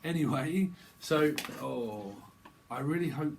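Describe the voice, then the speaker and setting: A man's voice: a little high, lively intonation, takes it slowly, creaky, slight background noise, rough recording. A man doing a casual tarot reading vlog, rambling and slangy and often laughing. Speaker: tarot reader.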